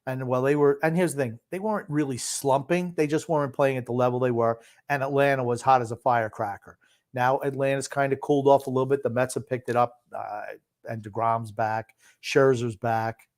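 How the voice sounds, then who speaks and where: A grumpy man co-hosting a sports podcast, cutting in with blunt, curt takes. He speaks in an ordinary mid-range voice, unhurried and matter-of-fact. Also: medium pitch, steady tone. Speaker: podcast co-host. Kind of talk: casual sports chat.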